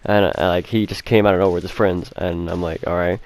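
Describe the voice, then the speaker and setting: A man's voice: low-pitched, steady tone, brisk, darkish tone. Rambling, foul-mouthed young guy. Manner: rambling, heavy swearing, lots of fillers. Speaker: vlogger. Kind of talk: casual storytime.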